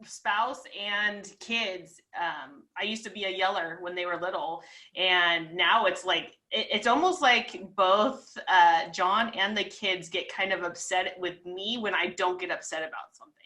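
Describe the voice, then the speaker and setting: A woman with a bright, crisp voice talks openly on a podcast. She is reflective and pauses with fillers while she gathers her thoughts. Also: on the low side. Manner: candid, reflective, trails off with fillers. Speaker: podcast co-host, martial arts competitor. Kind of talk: casual podcast chat.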